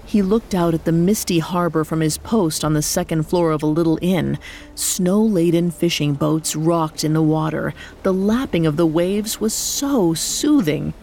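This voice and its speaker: A woman narrating a scripted horror story in a measured, deliberate way. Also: low voice, mellow, a little hiss or hum. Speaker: podcast storyteller.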